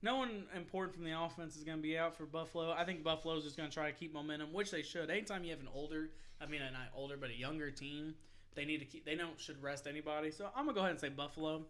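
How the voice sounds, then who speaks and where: Young male podcast co-host, higher voice, swears and laughs through rambling stories. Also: rapid-fire. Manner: profane, laughing, animated storytelling. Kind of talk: casual sports podcast banter.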